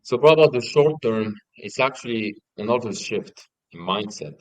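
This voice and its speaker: A young man in a casual interview, telling stories in an animated way and swearing often. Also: lowish voice, moderate pace, no echo, poor audio. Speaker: guest.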